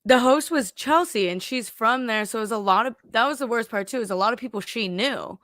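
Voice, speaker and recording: A woman's voice: fairly high pitch, a little fast, fairly bright tone, dry recording, clean studio sound. A woman comedian from California, a guest on a podcast, telling stories bluntly with laughter and acted-out quotes. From Sacramento, California. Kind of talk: casual chat.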